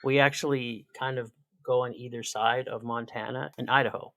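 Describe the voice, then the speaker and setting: A man, a podcast guest chatting casually in a sarcastic, joking, animated way. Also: medium pitch, moderate pace, no echo. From Canada. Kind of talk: casual chat.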